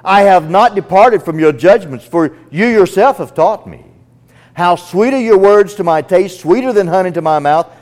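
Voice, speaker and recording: A man's voice: high-pitched, lively intonation, normal speed, darkish tone. A man preaching a sermon, earnest and emphatic, speaking straight to the listener as a friend.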